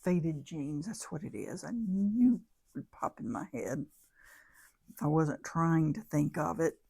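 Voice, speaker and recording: Low, gravelly-voiced woman chatting slowly. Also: lively intonation, mellow. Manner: rambling, thinks aloud, self-correcting. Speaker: craft vlogger. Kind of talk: casual crafting demo chat.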